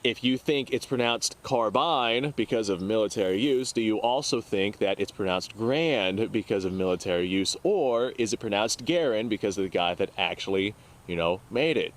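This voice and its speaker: A man with a lowish voice, hosting his own channel in a loose, casual way. He rambles and sounds exasperated, and he often breaks into a chuckle. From United States. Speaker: firearms channel host. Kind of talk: casual talk to camera.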